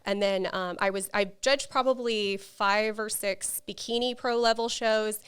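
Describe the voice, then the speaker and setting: Woman with a very clear, smooth voice. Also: medium pitch, fairly even intonation, unhurried, a bit bright. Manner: agreeable, supportive, many "yeah" and "right" backchannels. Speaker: bodybuilding contest judge. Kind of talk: casual chat.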